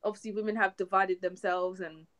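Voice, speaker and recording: A young woman co-hosting a geek podcast, chatting excitedly and laughing often. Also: mid-range voice, brisk. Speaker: podcast co-host. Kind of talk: casual geek chat.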